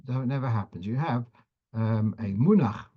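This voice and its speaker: A man's voice: mid-range voice, normal speed, husky, lo-fi sound. A man teaching a class on the cantillation of Torah readings, who often restarts phrases as he explains and sometimes chants verses.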